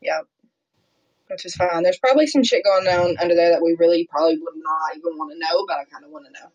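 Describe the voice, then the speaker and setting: A woman's voice: lowish voice, fast, a little mellow, lo-fi sound. A woman co-hosting a podcast in casual chat, blunt and emphatic with lots of swearing. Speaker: podcast co-host.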